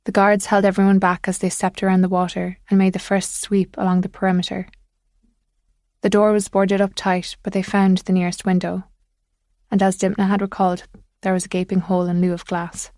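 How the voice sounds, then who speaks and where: Woman audiobook narrator, measured, suspenseful, medium pitch, dry studio sound. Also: level tone, a little mellow, dry recording. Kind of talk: scripted thriller narration.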